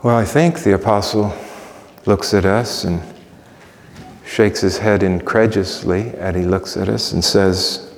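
A pastor preaching a sermon through a string of rhetorical questions. He swings from ringing emphasis down to hushed softness. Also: low voice, unhurried. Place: church sanctuary. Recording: long reverb of a church hall.

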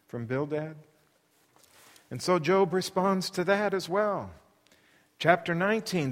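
An expressive male preacher delivering a sermon, with a fairly high voice for a man. He speaks directly to his listeners and often asks them questions. A long hall reverb trails behind his words. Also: takes it slowly, long pauses. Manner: expressive, shifts into dramatic readings.

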